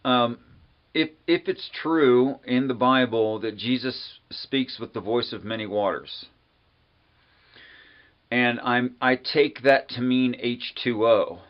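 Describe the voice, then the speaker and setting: A man hosting a solo livestream on religion, talking casually and unhurriedly with many pauses and fillers, sometimes wry. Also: mid-range voice, highs cut off. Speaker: livestream host.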